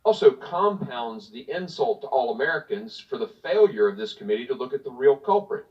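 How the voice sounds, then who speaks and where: A man's voice: medium pitch, sing-song, a little fast. A man from Tennessee, a congressman giving pointed, partisan prepared remarks at a hearing while reading from notes. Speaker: congressman questioning a witness. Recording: distant, dull hearing-room audio.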